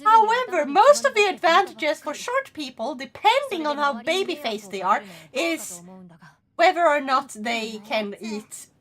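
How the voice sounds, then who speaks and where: A young woman with a Swedish accent chatting on a live stream, excitable and swearing freely. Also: high-pitched, unhurried. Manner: excitable, swears freely, loud bursts of laughter. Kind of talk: casual live-stream chat.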